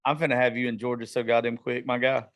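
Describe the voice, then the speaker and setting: A man's voice: medium pitch, little pitch movement, fast talker, fairly bright tone. A man hosting a podcast, laid-back and slangy, swearing casually. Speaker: podcast host. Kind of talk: casual chat.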